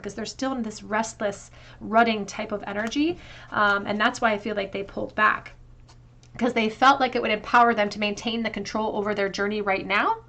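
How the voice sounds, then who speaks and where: A woman doing a pick-a-card tarot reading to camera, talking in a flowing, reflective way and going softer as she pulls cards. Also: mid-range voice. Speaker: tarot reader.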